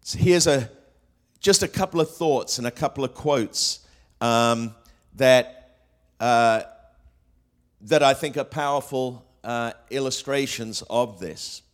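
Preaching slowly with long pauses, a pastor with a mid-range voice speaks to his congregation. He raises rhetorical questions, works in quotations, and frequently restarts or fills gaps with filler words.

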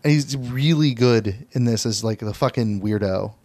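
A man's voice: mid-range voice, moderate pace, darkish tone, no room sound. A man co-hosting a podcast, casually chatting about a movie in a laid-back, agreeable way. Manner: laid-back, agreeing, adds short comments. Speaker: podcast co-host.

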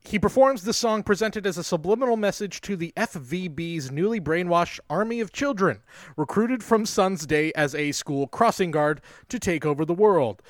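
A man's voice: sits high, lively intonation, normal speed, no echo, studio quality. A young man co-hosting a podcast, recapping a movie in casual, sarcastic chat and swearing now and then. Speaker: podcast co-host.

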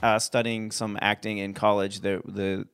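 A man's voice: fairly low pitch, level tone, normal speed, gravelly, a bit bright, clean tone, faint music behind. A man hosting a comedy podcast, telling a story in a chatty, rambling way. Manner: chatty, rambling with fillers and restarts. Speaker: podcast host. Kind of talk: casual storytelling.

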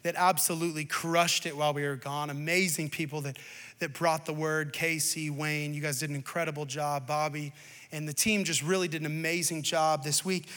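High, bright-voiced man preaching a sermon. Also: fairly even intonation, moderate pace. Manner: builds to loud, rising exhortation. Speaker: pastor. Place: church stage.

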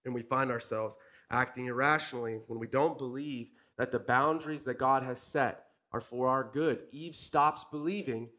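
A man's voice: mid-range voice, fairly even intonation, moderate pace, pushed and bright. A man in his thirties giving a sermon in a conversational, earnest way, often asking the congregation questions. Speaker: part-time preacher.

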